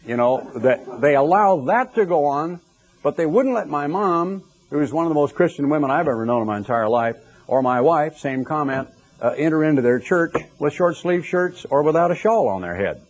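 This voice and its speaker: A man's voice: on the high side, expressive, normal speed. Man preaching a storytelling sermon. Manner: storytelling, conversational asides to the congregation.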